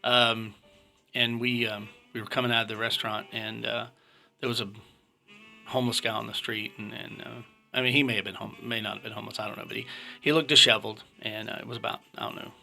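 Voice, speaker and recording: A man in his late fifties talks straight to camera in a blunt, opinionated casual monologue. His voice is gravelly with a bright, forceful edge. Faint music sits behind him. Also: fairly low pitch, fairly even intonation, fast. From United States. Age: 50s. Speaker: vlogger.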